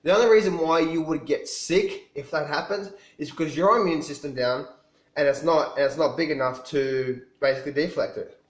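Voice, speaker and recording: A man's voice: a little high, a little fast. A man telling his own story to camera in a casual, rambling way, often restarting and repeating himself. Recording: echoey room.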